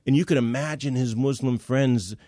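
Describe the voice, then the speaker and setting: A man as a podcast guest, telling a story in casual conversation, halting with many fillers and restarts. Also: medium pitch, mellow, dry recording, clean studio sound.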